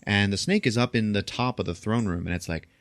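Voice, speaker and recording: Man, podcast host, low voice, casual film recap, laughs a lot, swears, very dry close sound. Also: fairly quick, dry recording. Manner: animated storytelling, frequent laughter, swearing.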